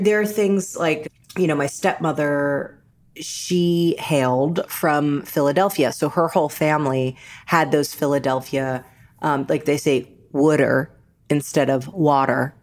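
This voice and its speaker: A woman being interviewed on a podcast, talking in a lively, animated way. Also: low voice. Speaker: interview guest. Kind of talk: conversational interview.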